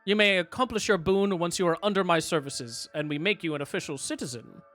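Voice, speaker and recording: A man's voice: high-pitched, fairly quick, fairly bright tone, soft background music, voice pushed up. A man voicing a pompous, pudgy male noble lord who speaks in a grandiose, condescending way.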